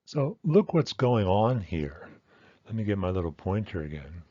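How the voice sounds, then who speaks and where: A man's voice: on the low side, sing-song, moderate pace, mellow, no room sound, highs cut off. A man teaching a language lesson, explaining step by step and checking in with "right?". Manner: methodical, repeats key points, says "okay" and "right?".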